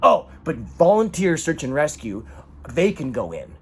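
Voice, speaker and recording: Man, husky voice, emotional monologue, dramatic, swears a lot. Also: a little high, big pitch swings, unhurried. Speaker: vlogger.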